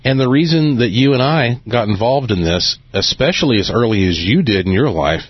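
A man hosting a late-night radio talk show in a chatty, relaxed way, laughing often, talking into a studio microphone. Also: mid-range voice, brisk, husky, highs cut off.

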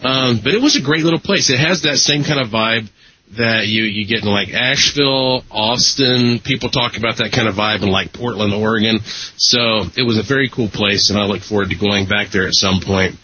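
Host, male: husky, forceful delivery, rambling, joking chat, dull lo-fi recording. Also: fairly low pitch, fairly quick. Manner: rambling with fillers and self-deprecating humor. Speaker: podcast host. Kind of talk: casual chat.

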